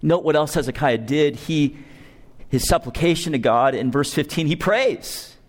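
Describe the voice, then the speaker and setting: A male pastor preaching a sermon with an emphatic, deliberate expository delivery. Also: on the high side, animated.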